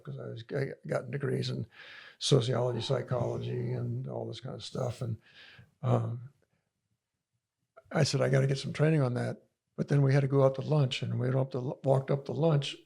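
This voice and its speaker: An older man with a gravelly, husky voice talks loosely and at length as a guest, circling back and restarting his sentences. He sounds like someone recounting memories in easygoing conversation. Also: mid-range voice, a little mellow. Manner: rambling storyteller with many restarts and laughs. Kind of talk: casual conversation.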